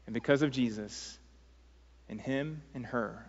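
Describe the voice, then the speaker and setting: A man preaching to his congregation in an earnest, pleading way, with stray fillers when he tells a story. His voice sits at an ordinary pitch and rings out with a long reverb in the church sanctuary. The recording sounds a little muffled. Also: unhurried, long pauses. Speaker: pastor. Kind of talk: sermon.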